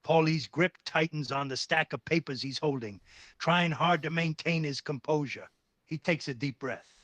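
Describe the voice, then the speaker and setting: A man reading third-person story narration in a steady, even way. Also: on the high side, normal speed, dry recording.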